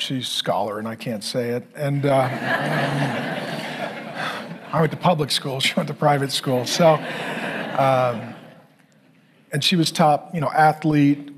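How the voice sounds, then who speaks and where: A man in his forties telling a personal story in a sermon, acting out conversations with God and his family in an animated way. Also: medium pitch, slightly rough. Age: 40s. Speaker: pastor.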